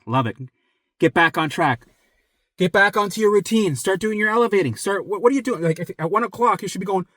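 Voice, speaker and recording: A man's voice: lively intonation, fast talker, no room sound. Blunt, swearing man coaching viewers. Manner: blunt, swears a lot, repeats himself for emphasis; drops to a low, soft, close voice when reassuring. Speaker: recovery coach. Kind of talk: direct motivational talk to viewers.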